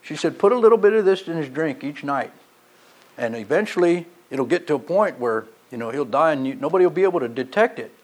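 Male preacher, pitch a touch above average, sermon delivery with emphatic swells and hushed drops. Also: animated, brisk. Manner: storytelling, rising to emphatic passages then dropping quiet.

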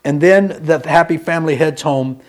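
A man preaching a sermon in a folksy storytelling way, swinging between loud and hushed. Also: fairly high pitch, moderate pace.

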